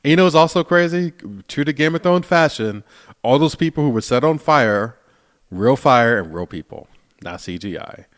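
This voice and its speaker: A man's voice: mid-range voice, lively intonation, normal speed, a bit bright. A man from Philadelphia co-hosting a podcast in casual chat, jokey and slangy. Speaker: podcast co-host.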